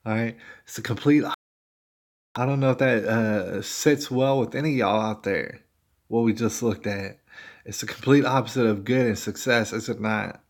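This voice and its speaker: Male livestream host, lowish voice, rambling casual commentary, speaks to his audience directly, recorded at home. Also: moderate pace. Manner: rambling, conversational, addresses viewers as y'all.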